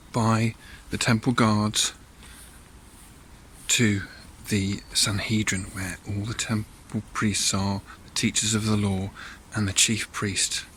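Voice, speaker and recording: A man's voice: fairly low pitch, a bit bright, slight background noise. A man leading a church all-age talk, telling a Bible story in a chatty way with asides to listeners and acted voices.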